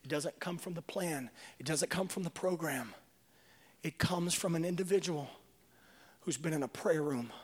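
A male preacher delivering a sermon, swinging from hushed whispers to shouting. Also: fairly high pitch, normal speed, slightly rough. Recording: long reverb of a large hall.

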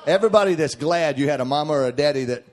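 A middle-aged preacher with a drawl gives a rapid-fire sermon in a voice a bit higher than usual. He drives his points home at full shout, then drops into quiet, folksy asides and jokes.

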